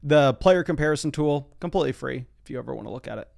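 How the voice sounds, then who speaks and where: A man's voice: on the high side, fast talker, gravelly, darkish tone. A young man streaming live from his desk, chatting casually through a fantasy football draft and reading out viewer comments. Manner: chatty, reads chat comments aloud. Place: home desk.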